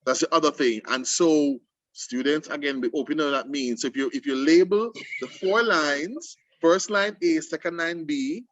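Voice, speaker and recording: Animated man with a lilt. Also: fairly high pitch, normal speed, dry recording, muffled recording. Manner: animated, emphatic explainer with restarts. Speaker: host. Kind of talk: casual literary discussion for students.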